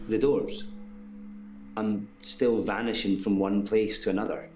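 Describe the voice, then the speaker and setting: An actor playing a detached male patient in a full-motion video game, with an even, measured delivery. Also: fairly low pitch, slight background noise, natural voice. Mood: flat, detached. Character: calm, detached British male patient who walks through doors.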